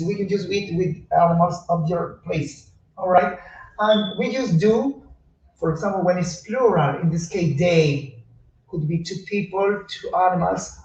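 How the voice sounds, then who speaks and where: A man teaching an English grammar lesson, speaking slowly and repeating words with frequent "okay"s. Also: high-pitched, a little mellow. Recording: echoey distant lo-fi room recording.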